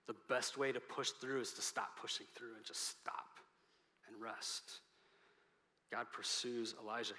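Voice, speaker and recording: A pastor preaching a sermon, earnest, building up and then dropping to a soft voice. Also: male voice, medium pitch. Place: church sanctuary. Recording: reverberant hall.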